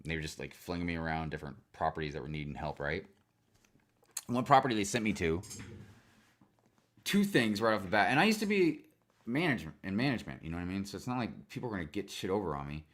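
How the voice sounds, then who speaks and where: A man ranting in a casual stream monologue, swearing a lot and telling work stories with animated, heated delivery. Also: sits low, fast talker. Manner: profane, animated storytelling with frequent swearing and fillers.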